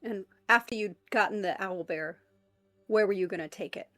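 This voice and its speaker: A woman's voice: mid-range voice, normal speed, a bit bright, no echo. A woman player in a tabletop game, asking questions in a matter-of-fact way. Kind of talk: casual tabletop game talk.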